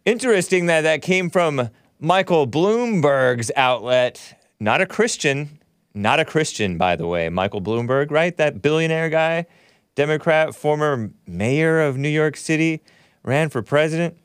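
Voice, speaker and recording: A man's voice: fairly high pitch, animated, measured pace, clean tone, dry recording. Sarcastic male talk show host, dry close mic. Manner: sarcastic, mocking, bursts into loud outbursts. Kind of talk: casual commentary over news clips.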